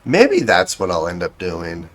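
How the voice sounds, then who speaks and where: A man's voice: low-pitched, huge pitch swings, measured pace. A man giving casual gameplay commentary, thinking aloud as he builds, with a dry, self-correcting, sarcastic manner. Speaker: game streamer.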